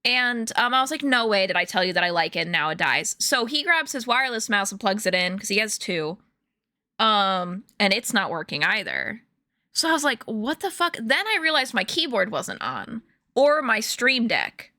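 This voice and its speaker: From a room at home, a young woman streams and chats loosely with viewers, her rambling stories full of fillers and laughs. Her medium-pitched voice has a sharp tone and big pitch swings, at a moderate pace. The recording is dry and cleanly studio-like.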